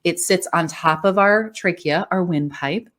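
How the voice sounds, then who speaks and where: A woman speaking as a voice coach, her voice sitting a little low for a woman. She explains things in an encouraging, conversational way and laughs easily along the way. The tone stays friendly and instructive. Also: measured pace, fairly bright tone. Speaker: voice coach and speech-language pathologist. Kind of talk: conversational interview.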